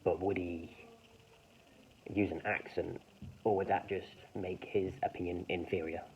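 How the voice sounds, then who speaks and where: A man's voice: deep voice, little pitch movement, measured pace, slight background noise. A man rambling in a hesitant, self-correcting monologue as he mulls over ideas for a piece he is writing. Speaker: writer thinking aloud. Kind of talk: rambling thinking-aloud monologue. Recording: muffled lo-fi recording.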